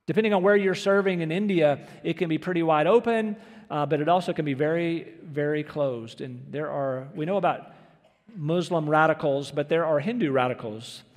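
A high-pitched man preaching in an earnest, emphatic manner, pressing his congregation with question after question. His voice rings out with a long reverb from the church hall around him. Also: normal speed. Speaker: pastor. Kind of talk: sermon.

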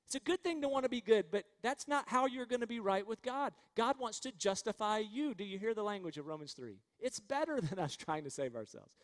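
A male pastor with a notably high voice preaches earnestly, firing off rhetorical questions and leading his congregation to repeat lines back. His words ring out with the long reverb of a large church sanctuary. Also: expressive, brisk, few pauses. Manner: earnest, rhetorical questions, leads the crowd in call-and-response. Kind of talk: sermon.

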